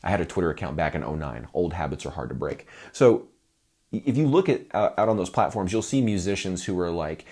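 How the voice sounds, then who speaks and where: A man's voice: deep voice, sing-song, brisk, a little mellow, breathy edge. A man coaching musicians in a conversational, self-deprecating talking-head video, often checking in with "right?".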